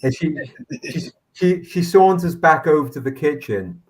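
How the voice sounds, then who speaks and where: As game master in a tabletop game, a man narrates in a rambling, halting way with many restarts. His voice is fairly high pitched, animated and darkish in tone.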